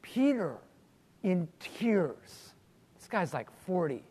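A man with a high voice leads a Bible teaching with prayer and stories. He speaks earnestly and often repeats a word while he gathers his thoughts. His voice rings with a long reverb, as in a large hall or church. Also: very animated, takes it slowly, darkish tone, husky. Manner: earnest, storytelling, repeats words while thinking.

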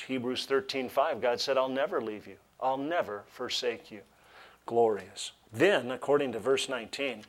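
A man's voice: mid-range voice, moderate pace. A male pastor preaching a sermon, reading scripture aloud with emphasis and breaking off for joking asides. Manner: animated preaching with humorous asides.

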